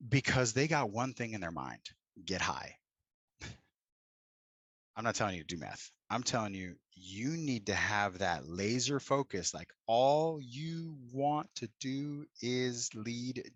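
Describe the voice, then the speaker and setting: Blunt, profane middle-aged coach. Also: male voice, fairly low pitch, a bit bright, no echo. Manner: blunt, profane, pep-talk energy. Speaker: real estate coach. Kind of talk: live coaching talk. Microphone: video call.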